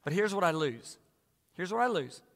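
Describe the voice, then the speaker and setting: A man's voice: sits high, sing-song, normal speed, creaky, a bit bright. A man in his sixties preaching a sermon with emphatic, dramatic repetition. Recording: echoey hall.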